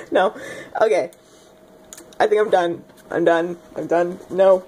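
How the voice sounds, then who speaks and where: A woman's voice: fairly low pitch, expressive, fairly quick, darkish tone, slight background noise. A young woman rambling casually in a solo video, giggling and self-deprecating.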